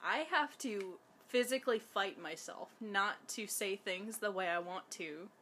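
A woman from the American deep south co-hosting a podcast, joking in a playful, deadpan way. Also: measured pace, a little hiss or hum. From deep south of the USA. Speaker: podcast co-host. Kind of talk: casual podcast chat.

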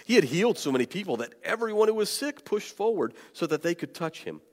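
A male pastor preaching a sermon to his congregation, animated and joking, with plenty of fillers and restarts. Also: high-pitched, quick pace. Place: church sanctuary. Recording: long church hall reverb.

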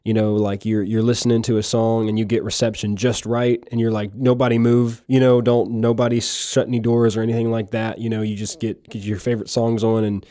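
A man's voice: fairly low pitch, little pitch movement, fairly quick, few pauses, dark tone, no room sound. A man hosting a casual devotional podcast, rambling and repeating himself as he talks. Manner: rambling, repeats words and restarts. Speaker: podcast host. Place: lives in Missouri.

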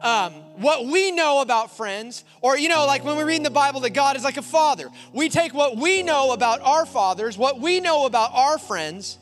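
A middle-aged male pastor preaching a sermon to a congregation, telling a personal story and rising to forceful emphasis. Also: extremely high pitch, lively intonation, moderate pace, few pauses, soft background music. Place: church before a congregation.

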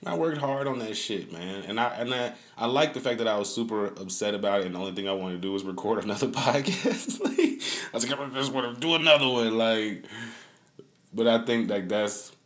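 A man with a very low voice hosts his own podcast from home, talking into a phone on a stand. He rambles casually, swears a lot and vents. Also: a little fast. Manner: profane, rambling, venting with laughs. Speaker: podcast host. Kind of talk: casual streamed podcast talk.

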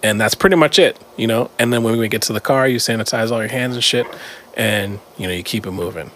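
A man's voice: lowish voice, fast talker, a bit bright. A middle-aged man co-hosting a casual podcast, telling a story in a laid-back way, full of fillers and laughter. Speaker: podcast co-host. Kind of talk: casual chat. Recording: faint background noise.

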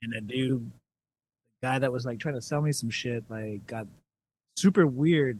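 A man's voice: medium pitch, unhurried, a little mellow, husky. A man chatting on a comedy podcast, making blunt, profane quips. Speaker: podcast co-host. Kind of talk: casual comedic chat.

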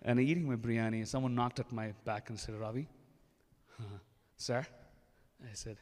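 A man's voice: medium pitch, fairly even intonation, normal speed, darkish tone. Emphatic male pastor in echoey hall. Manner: emphatic, acts out quoted dialogue. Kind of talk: sermon with testimony. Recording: echoey hall with long reverb.

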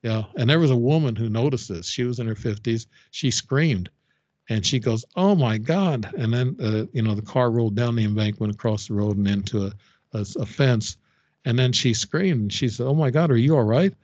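An older man, a podcast guest and author, telling a personal story in a halting, rambling way with many fillers and restarts. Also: mid-range voice, a little mellow, no room sound. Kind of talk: casual storytelling interview. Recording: dull, dry lo-fi audio.

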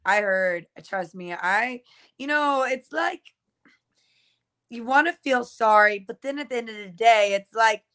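A woman's voice: a little high, measured pace, fairly bright tone, clear, resonant tone. A young woman co-hosting a casual podcast, talking freely with lots of fillers and restarts. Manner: chatty, many fillers and restarts. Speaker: co-host.

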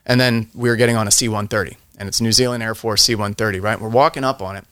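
A man's voice: lowish voice, fairly even intonation, fast, fairly bright tone, clear, resonant tone, no echo, clean studio sound. A middle-aged man, a veteran guest on a podcast, telling a long story in a rambling way, often restarting his sentences and laughing. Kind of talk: casual storytelling.

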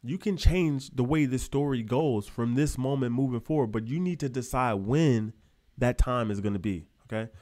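A man's voice: mid-range voice, moderate pace, warm tone. A man, running a finance vlog and lecturing his viewers in a preachy, emphatic way, repeating himself, swearing and using casual slang. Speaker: finance YouTuber. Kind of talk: fired-up motivational vlog talk.

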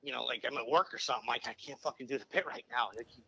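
A man co-hosting a podcast, talking in a rapid, emphatic and profane way. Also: mid-range voice, vocal fry, sharp tone, husky, low-quality recording. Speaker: podcast co-host. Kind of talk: casual chat.

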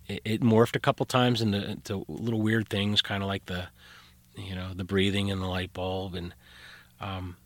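A middle-aged man tells a personal story in a relaxed, rambling way, with plenty of fillers and quoted dialogue he acts out. His voice sits low but sounds bright and forward. The recording is close and dry. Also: dry recording. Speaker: podcast guest. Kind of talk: casual storytelling.

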